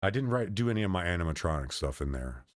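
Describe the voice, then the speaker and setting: A man's voice: low-pitched, sing-song, quick pace, no room sound, studio quality. A man streamer in his thirties talking in a meandering, casual monologue, often restarting and trailing off mid-sentence.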